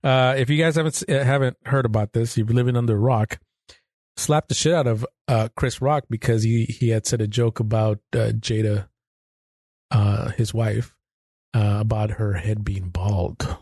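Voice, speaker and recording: A man hosting a casual podcast chat, talking quickly and restarting his words often. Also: on the low side, steady tone, darkish tone, no room sound, clean studio sound. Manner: rapid, with many restarts and stammers. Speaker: podcast host.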